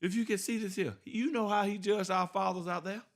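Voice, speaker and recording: A man with teaching scripture informally, asking rhetorical questions, laughing and reading verses slowly. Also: high-pitched, steady tone, vocal fry. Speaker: Bible teacher.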